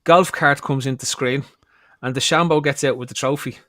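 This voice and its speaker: A man co-hosting a casual podcast chat, telling an animated story and acting out the quotes. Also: mid-range voice, normal speed, no echo, clean studio sound. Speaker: podcast co-host.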